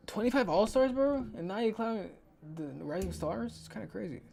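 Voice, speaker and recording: A man's voice: high voice, lively intonation, fairly quick, creaky, darkish tone. A young man hosting a solo podcast in casual chat, rambling and swearing, counting under his breath while he thinks aloud. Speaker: podcast host.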